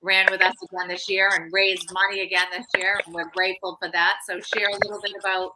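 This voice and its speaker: A woman's voice: mid-range voice, little pitch movement, fast talker, very noisy. A woman hosting a casual live chat, prompting a guest to share her story. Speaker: host.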